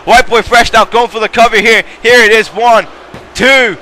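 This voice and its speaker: High, bright-voiced male wrestling commentator. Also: moderate pace, a little hiss or hum. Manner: excitable, shouts at big moves; rambling asides to the audience. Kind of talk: play-by-play commentary.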